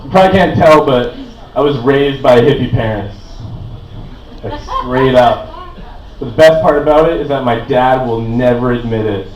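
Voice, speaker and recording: A man's voice: fairly high pitch, darkish tone. Laid-back young man, roomy distant sound. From Canada. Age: 20s. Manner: laid-back and rambling, full of "like" and "uh". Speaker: stand-up comedian. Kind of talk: stand-up comedy set.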